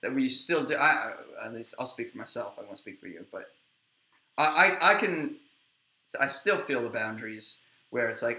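A man's voice: medium pitch, lively intonation, moderate pace, sharp tone. A man hosting a podcast in casual, joking conversation with his guests. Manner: joking, playful banter. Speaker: podcast host. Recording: roomy echo.

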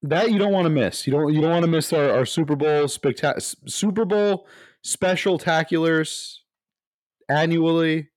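A man co-hosting a podcast in casual chat, talking in halting, rambling restarts. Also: on the high side, darkish tone, no echo, studio quality. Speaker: podcast co-host.

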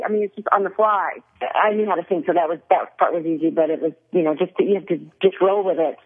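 A woman guest talking through an interview, chatty and quick to laugh, often restarting her sentences. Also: lowish voice. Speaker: actress guest. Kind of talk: casual interview over a phone line. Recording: tinny phone line.

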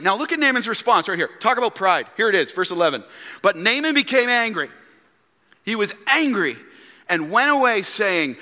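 A man preaching a sermon as a pastor, emphatic and full of rhetorical questions and dramatic pauses. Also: high voice, big pitch swings, bright, forceful tone, big-room sound. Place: church sanctuary.

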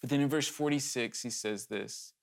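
A man's voice: mid-range voice, moderate pace, creaky. A male preacher delivering a sermon in a mid-range voice. He speaks earnestly and with urgency, in a conversational way, with candid asides and restarts, and his voice rises sharply whenever he presses a point.

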